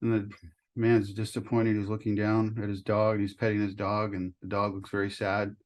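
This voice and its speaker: A man's voice: lowish voice, completely flat delivery, moderate pace, a little mellow. A man giving casual commentary on a court clip, with a wry, sarcastic sense of humor, who also tells jokes. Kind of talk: casual commentary and joke telling.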